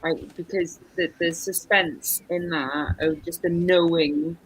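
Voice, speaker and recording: A woman chatting casually as a guest, relaxed and gushing, with frequent fillers. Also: lowish voice, measured pace, slight background noise, poor audio. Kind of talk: casual chat.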